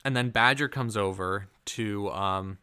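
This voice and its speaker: A man's voice: on the low side, a little slow, sharp tone, smooth. A man casually reviewing a film, rambling with many fillers and puzzled rhetorical questions. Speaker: movie reviewer.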